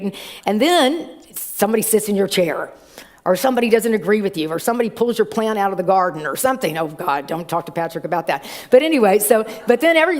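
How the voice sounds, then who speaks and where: A woman's voice: mid-range voice, expressive, fast, darkish tone. A middle-aged woman minister giving a chatty sermon in a church, telling stories with playful voices. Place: church sanctuary.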